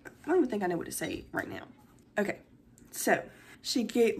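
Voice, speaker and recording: A woman's voice: medium pitch, huge pitch swings, a little fast, creaky, pauses often, in a whisper. A young woman, chatting through an unboxing vlog, gushing and close to tears. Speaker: vlogger.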